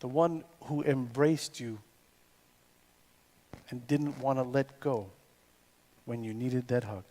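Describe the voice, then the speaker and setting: A man preaching a sermon as cantor in a synagogue, with a deliberate delivery built on poetic repetition. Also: medium pitch, steady tone, mellow. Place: synagogue sanctuary. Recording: long reverb in a large hall with faint music.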